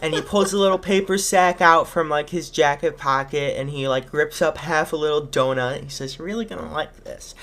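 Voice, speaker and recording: A man's voice: a little high, fairly even intonation, moderate pace, few pauses, fairly bright tone. A man appearing as a podcast guest, casually retelling a film's plot with lots of fillers and acted-out quotes. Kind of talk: casual film recap chat.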